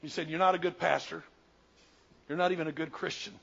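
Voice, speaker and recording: This is a man in his sixties from the Southern United States, preaching a sermon in a church. His voice sits somewhat high and swings between loud, quick bursts and hushed, slow stretches. The recording is dull and lo-fi. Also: steady tone, gravelly. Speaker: pastor. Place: church sanctuary.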